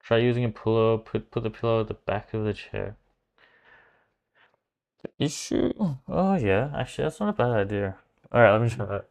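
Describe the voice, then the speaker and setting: A man hosting a live stream, chatting casually and thinking aloud as he tries out software. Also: on the low side, normal speed, vocal fry, pauses often. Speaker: livestream host testing software.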